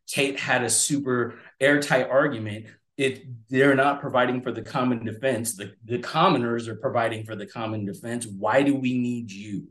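A man in his forties, co-hosting a casual political chat, talking in an animated, rambling way. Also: medium pitch, moderate pace, few pauses. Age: 40s. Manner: animated, rambling, acts out voices. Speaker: podcast co-host. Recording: roomy echo.

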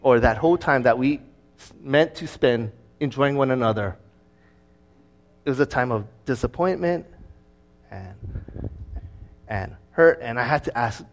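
A man preaching as a pastor, telling a personal story in a conversational, lively way. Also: medium pitch, moderate pace. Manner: conversational storytelling, with fillers and restarts; lively, acting out his own past words.

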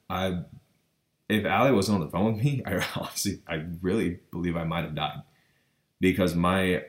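A man earnestly retelling a personal experience, with frequent stammers and restarts, leaning on the word literally. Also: deep voice. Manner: keeps saying literally. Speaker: vlogger. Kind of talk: personal storytelling.

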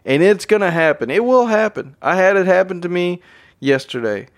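Hosting a motivational podcast, a man delivers an energetic monologue to his "guys," repeating phrases to hammer them home. His voice sits high, with lively intonation and a moderate pace.

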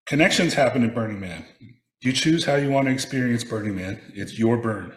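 A man's voice: mid-range voice, animated, a little fast. Man telling a wry story in an echoey room. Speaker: speaker sharing a personal reflection. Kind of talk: prepared personal reflection read aloud.

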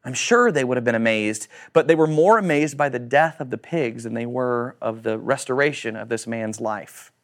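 A man preaching a sermon to a congregation, animated, acting out quoted voices and asking questions. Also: mid-range voice, normal speed, few pauses. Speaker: pastor.

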